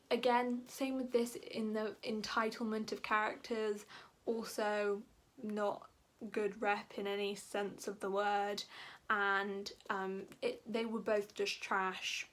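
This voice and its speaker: A woman book vlogger giving a casual, ranting review. She talks in an animated, exasperated way, with lots of "like". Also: medium pitch. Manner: animated and exasperated, heavy use of "like".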